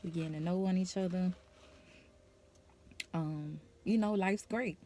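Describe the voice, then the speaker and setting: A woman's voice: on the low side, a little slow, mellow, slight background noise. A young woman vlogger speaking her personal testimony to camera, nervous and emotional, in a casual conversational way.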